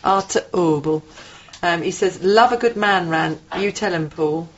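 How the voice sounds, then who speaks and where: A woman's voice: on the low side, normal speed, highs cut off, slight background noise. A woman co-hosting a casual radio chat show, teasing her co-host and reading out listener tweets. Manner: chatty, teasing, reads out tweets.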